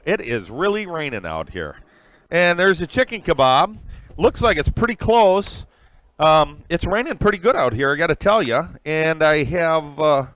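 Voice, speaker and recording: A man's voice: fairly high pitch, a bit bright, dry recording. Chatty, rambling cooking streamer man. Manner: rambling, chatty, with many fillers and restarts; reads viewer names from chat and thanks them. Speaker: cooking livestream host. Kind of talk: casual live-stream chat.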